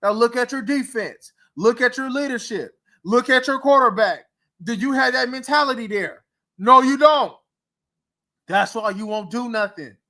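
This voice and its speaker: A man rants on a sports talk show, piling up mocking rhetorical questions. His voice sits high for a man and comes out bright and forceful. He keeps the talk heated and rambling. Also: normal speed. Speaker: podcast host. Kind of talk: casual sports talk rant.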